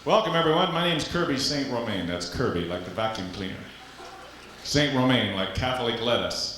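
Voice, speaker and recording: A man from Louisiana doing live stand-up comedy on a club stage, with a punchy, animated delivery and vocal sound effects. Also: mid-range voice, normal speed, slight background noise. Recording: echoey live club recording. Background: audience laughter.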